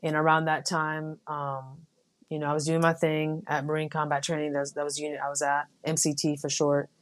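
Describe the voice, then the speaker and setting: A young American woman, a Marine officer appearing as a guest, tells stories in a casual interview. Her voice sits low and she talks a little fast, relaxed and full of fillers.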